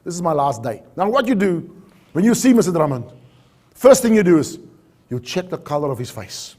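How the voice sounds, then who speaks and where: A man who worked as an HR manager at a mine, telling a story in a vivid way that swings between loud and hushed. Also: a little high, sing-song, fairly quick. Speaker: former HR manager at a mine, safety speaker. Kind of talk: dramatic storytelling talk.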